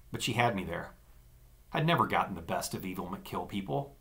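A man narrating an audiobook in an expressive storytelling manner. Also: sits low, fairly quick.

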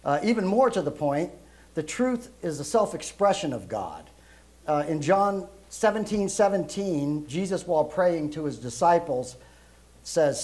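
A middle-aged man from Brooklyn, raised in Europe, preaching a casual sermon in a loud voice with lots of ums and uhs. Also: on the high side, expressive, unhurried. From Brooklyn, New York, raised in Europe. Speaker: guest preacher.

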